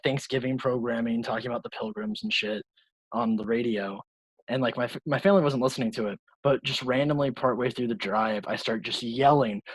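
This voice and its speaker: Young guy cohosting a podcast, kinda husky voice, dry close sound, laughs a lot and swears. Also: medium pitch, no echo, low-quality recording. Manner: laughs often, animated and swearing. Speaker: podcast co-host. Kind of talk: casual chat.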